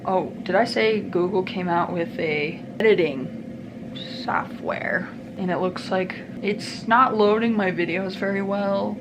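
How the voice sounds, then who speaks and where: Rambling young woman vlogging at home. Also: on the low side. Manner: rambling, scattered, easily sidetracked. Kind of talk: casual get-ready-with-me vlog chat. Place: family room at home, indoors. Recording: audible background noise.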